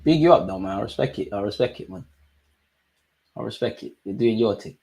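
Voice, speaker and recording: A man's voice: lowish voice, lively intonation, fairly quick, gravelly, warm tone, husky. A young man with a London accent hosting a live football watch-along. He chats and banters with viewers in slang-heavy, playful talk. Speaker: streamer host.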